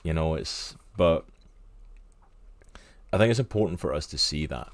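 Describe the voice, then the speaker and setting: A man's voice: very deep voice, expressive, normal speed, no echo. A Scottish man co-hosting an interview, talking earnestly in a rambling way with lots of fillers. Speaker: podcast co-host. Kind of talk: casual interview chat.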